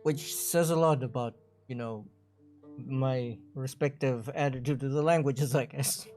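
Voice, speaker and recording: A man from Germany, a native German speaker, chatting in English on a livestream, thoughtful and a little halting. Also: medium pitch, darkish tone, faint music behind. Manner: thoughtful, halting, repeats words when starting. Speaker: game developer co-host. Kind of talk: casual livestream chat.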